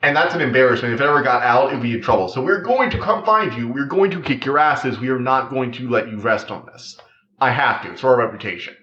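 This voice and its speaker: A man's voice: mid-range voice, fast, bright, forceful tone, reverberant, lo-fi sound, lightly acted. A man doing a cocky hero team leader. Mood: threatening. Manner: smug, threatening. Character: cocky male superhero team leader, threatening.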